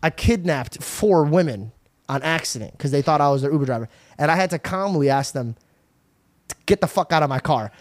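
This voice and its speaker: A young man hosting a podcast, telling stories in a casual, animated way, acting out voices and swearing freely. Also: a little high, a little fast. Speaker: podcast host. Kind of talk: casual storytelling chat. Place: podcast studio.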